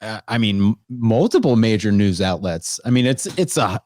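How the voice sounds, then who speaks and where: A man's voice: fairly low pitch, lively intonation, moderate pace, a little mellow. A young man co-hosting a podcast in a laid-back, joking way, with many fillers. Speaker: podcast co-host. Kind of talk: casual chat.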